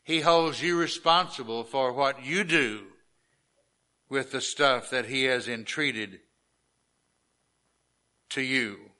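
Slow, bright-voiced male preacher. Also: medium pitch, smooth. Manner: slow, emphatic preaching with scripture reading. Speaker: pastor. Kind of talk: sermon.

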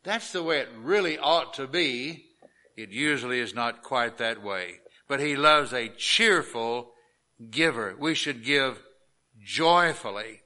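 A man preaching a sermon as pastor, reading scripture aloud and explaining it with slow, emphatic delivery. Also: mid-range voice, lively intonation, pushed and bright.

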